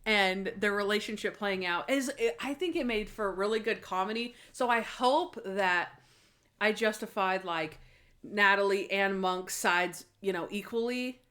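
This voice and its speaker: A woman's voice: medium pitch, a little slow, fairly bright tone. A woman co-hosting a podcast in casual chat. She retells scenes animatedly, acts out quoted lines and leans on "like" as a filler. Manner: frequent "like" fillers. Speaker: podcast co-host.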